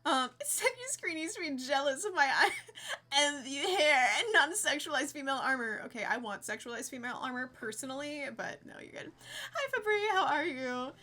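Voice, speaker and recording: A woman's voice: sits high, animated, fairly quick, bright, forceful tone. A young woman streaming a game, chatting casually with her viewers and laughing often. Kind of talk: casual live-stream chat.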